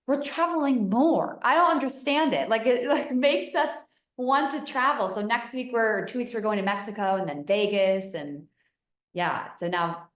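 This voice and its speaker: A young woman, a business founder and podcast guest, telling stories in a chatty, animated way with many fillers, her voice rising when she gets excited. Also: mid-range voice. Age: young adult. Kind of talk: casual interview storytelling. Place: home in Costa Rica. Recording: echoey room.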